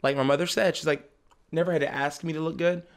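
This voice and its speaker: A young man chats casually as a podcast guest, telling a story about his family with plenty of laughter. His voice sits a bit high and has a gravelly rasp. He often slips into the voices of his relatives as he tells it. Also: fairly even intonation, fast talker.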